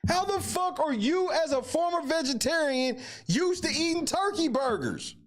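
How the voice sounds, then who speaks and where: A man hosting a live stream, reacting to news clips with loud, mocking, profanity-heavy commentary full of slang. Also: extremely high pitch, animated, moderate pace.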